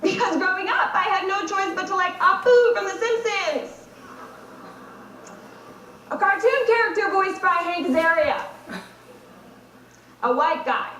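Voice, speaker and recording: A woman's voice: very high-pitched, a little slow, long pauses, sharp tone, recorded from a distance. Wry teen girl in an echoey hall. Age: teens. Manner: wry, sardonic storytelling. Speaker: speech competitor. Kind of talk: competitive dramatic monologue. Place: competition stage in a large hall.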